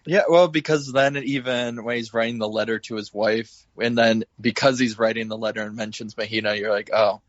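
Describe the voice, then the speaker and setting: A man hosting a podcast, casually recalling film scenes in a relaxed, rambling way with filler words. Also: medium pitch, a little fast, few pauses, no room sound. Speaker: podcast host. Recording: dull, dry podcast mic.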